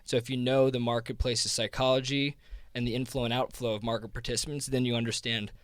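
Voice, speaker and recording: A crypto fund co-founder with a South Jersey accent is a guest on a podcast interview, explaining his ideas in a rambling, casual way packed with "like" and restarts. His mid-range voice is level, clear and resonant, fast, with no room sound.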